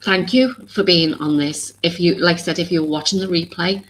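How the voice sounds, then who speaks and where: Low-voiced woman hosting a live stream. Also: fairly even intonation, normal speed, a little hiss or hum, rough recording. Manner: rambling, earnest, full of restarts and asides; openly emotional and vulnerable. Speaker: oracle card reader and live stream host. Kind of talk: live-streamed casual talk to viewers.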